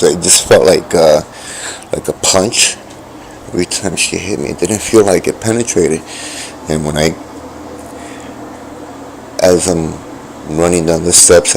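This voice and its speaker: A middle-aged man with a deep, gravelly voice tells a personal story. He stops and restarts often and fills gaps with "like" and "you know". A faint hiss sits under the recording. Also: a little mellow. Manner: halting, repeats himself, many fillers. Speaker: vlogger. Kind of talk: rambling personal account.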